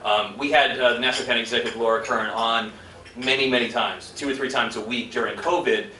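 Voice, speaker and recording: A man's voice: on the low side, bright, forceful tone, a little hiss or hum. A man accepting a radio award in a cheerful, laughing way. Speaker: radio station representative. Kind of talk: acceptance speech. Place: banquet hall. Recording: echoey hall, distant mic.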